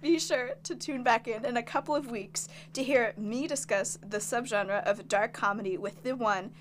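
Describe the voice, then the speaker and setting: A young woman hosts a casual podcast, her voice sitting a little high. She sounds bubbly and laughs often. A faint hum runs under the recording. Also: normal speed. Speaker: podcast host. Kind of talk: casual chat.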